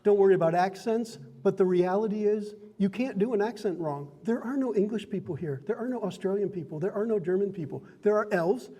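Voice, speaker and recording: A man's voice: high voice, a little fast, hardly any pauses, dark tone, husky, big-room sound. A man acting as game master, explaining how to play a tabletop role-playing game in an upbeat, chatty way that often breaks into laughter. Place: card and game shop.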